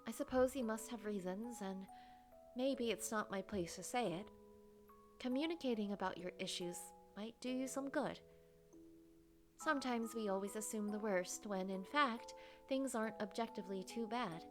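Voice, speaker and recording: A woman voicing a gentle female coworker in a game, giving soft, careful advice a bit above her own pitch. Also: moderate pace, faint music behind, natural voice. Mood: caring.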